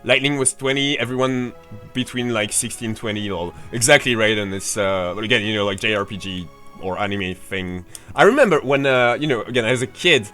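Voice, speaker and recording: A man's voice: mid-range voice, pushed and bright. Chatty swearing male game streamer. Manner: chatty, rambling, swears freely, answers chat. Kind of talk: casual livestream commentary.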